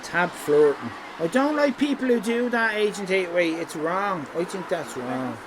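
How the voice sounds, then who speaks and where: A man's voice: high voice, lively intonation, normal speed, noisy background. A man giving rambling, teasing live-stream commentary over a city walk. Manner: jokey, rambling, teasing chat.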